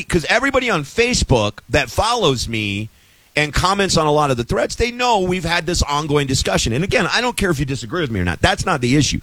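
A man's voice: a little high, big pitch swings, a little fast, a bit bright, no echo, low-quality recording. A man telling a story in a casual, exasperated rant, with sarcastic asides, as a host at the mic.

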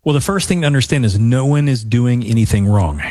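A man's voice: medium pitch, lively intonation, a little fast, mellow, no echo, clean studio sound. A man in his forties hosting a casual chat, explaining things and repeating points for emphasis. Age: 40s. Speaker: financial advisor, podcast host.

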